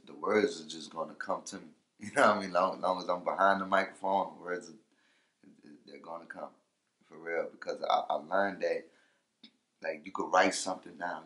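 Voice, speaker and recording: Casting Man, rapper, very low voice, easygoing interview talk that keeps circling back on itself and flares up loud when excited, recorded in an echoey room. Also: normal speed. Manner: laid-back, repeats "you know" and "for real" a lot, gets loud when fired up.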